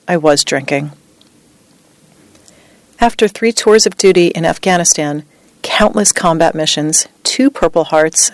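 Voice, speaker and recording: A woman reading a true story as scripted narration, with a measured, even delivery. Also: fairly low pitch, no room sound.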